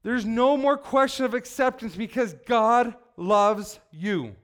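High-voiced man preaching a sermon. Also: takes it slowly, a bit bright. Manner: earnest, emphatic preaching with call-and-response prompts. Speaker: pastor.

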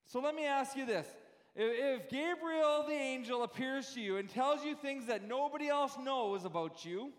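A man preaching a sermon as pastor, animated and full of rhetorical questions, often repeating words as he goes. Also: extremely high pitch, moderate pace. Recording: echoey hall reverb.

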